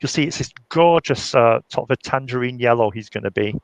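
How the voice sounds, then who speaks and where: A man's voice: medium pitch, fairly quick, no room sound, low-quality recording. A man, chatting casually and jokingly as a guest while he shows his handmade puppet. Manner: chatty, jokey, demonstrating by hand. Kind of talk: casual chat on a live stream.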